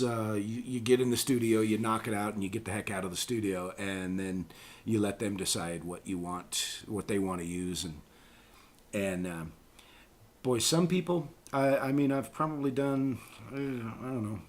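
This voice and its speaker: A man's voice: fairly low pitch, normal speed. A man chatting as a voice actor guest on an interview show, telling rambling stories about his work. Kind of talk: casual interview chat.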